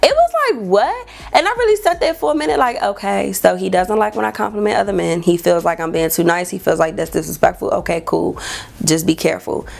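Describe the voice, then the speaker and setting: A young woman, telling a dating story vlog and acting out quotes in a high voice. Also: brisk, vocal fry, a little mellow. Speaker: vlogger.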